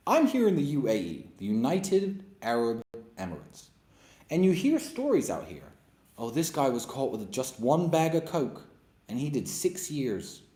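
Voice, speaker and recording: Brief: opinionated male host, sarcastic, very lively pitch swings. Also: measured pace, roomy sound. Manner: blunt, emphatic, sarcastic. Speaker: host answering viewer questions. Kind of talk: opinionated monologue.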